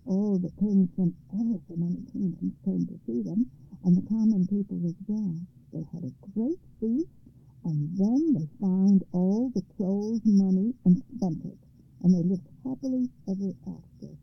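Husky woman telling a fairy tale. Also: medium pitch. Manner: calm, measured storytelling. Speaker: radio storyteller and host. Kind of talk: scripted fairy-tale narration. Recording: slightly muffled radio broadcast.

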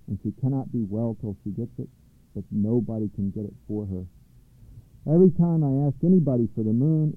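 A man voicing a hot-tempered, worried king who talks loudly and insistently, over a tinny line. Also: medium pitch, no echo, lightly acted. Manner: loud and demanding, then mournful. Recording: tinny phone-like line, dry.

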